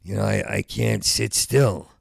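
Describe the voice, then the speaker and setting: Stand-up comic, male: heavy vocal fry, dry sound, stuttering and ranting. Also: lowish voice, sing-song, a little slow, no room sound. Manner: rambling, stuttering restarts, rising into loud rants. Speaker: stand-up comedian. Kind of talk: stand-up comedy set.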